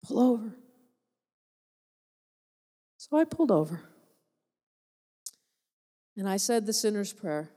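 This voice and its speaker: A woman's voice: mid-range voice, sing-song, measured pace, long pauses, mellow. A woman missionary giving a personal testimony to a church audience, telling her story with animation, laughter and repeated phrases for emphasis. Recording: echoey hall reverb.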